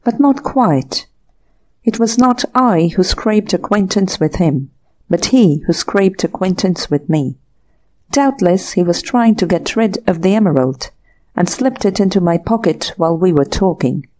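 A forceful middle-aged male detective with a smooth, persuasive manner, as a woman narrator puts him on. His tone stays mellow and warm, pitched a touch above a plain reading voice. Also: expressive, unhurried. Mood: measured.

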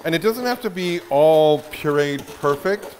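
A man's voice: a little high, expressive, measured pace, a little mellow, a little hiss or hum. A man hosting a casual cooking show, chatting upbeat while he cooks in a kitchen.

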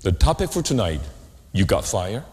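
A man preaching a sermon as pastor, animated, often asking the congregation questions. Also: fairly low pitch, moderate pace. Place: church sanctuary. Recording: long hall reverb.

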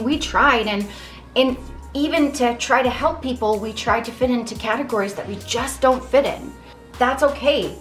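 A young adult woman talking candidly to camera in a casual vlog, earnest and reflective. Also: fairly high pitch. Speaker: vlogger. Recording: echoey room with faint music.

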